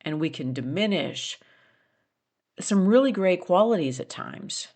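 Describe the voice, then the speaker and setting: A middle-aged woman hosts her own podcast in a slow, unhurried delivery. Her voice sits somewhat low for a woman. She reflects earnestly and presses listeners with direct questions. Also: expressive, darkish tone. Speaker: podcast host. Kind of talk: reflective solo podcast talk.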